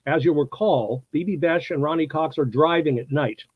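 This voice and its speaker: A man in his sixties from the United States, an actor telling anecdotes in a casual interview, animated and laughing often, acting out what people said. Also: on the high side, normal speed, husky, no room sound, muffled recording. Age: 60s. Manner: animated storyteller, acts out quotes, laughs often.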